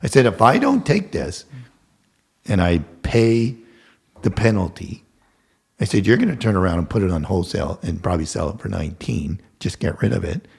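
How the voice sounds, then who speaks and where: A man's voice: sits low, very animated, moderate pace, gravelly, breathy edge. An older man, a guest telling stories casually and acting out the dialogue, swearing freely. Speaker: guest contractor. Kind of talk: casual storytelling.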